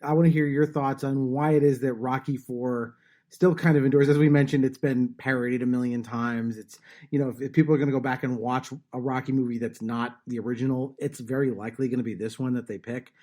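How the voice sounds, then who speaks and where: A man hosting a casual podcast chat, relaxed as he steers the talk. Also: mid-range voice, a little fast. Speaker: podcast host.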